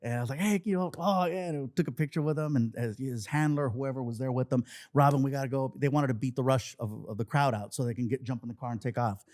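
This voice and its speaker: A middle-aged man spins a lively anecdote as a comedian guest. He puts on voices for the people in his stories. His voice sits at an ordinary pitch, and the recording is dry and close. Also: quick pace, hardly any pauses, no echo. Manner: animated, acts out voices in anecdotes. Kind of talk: casual storytelling.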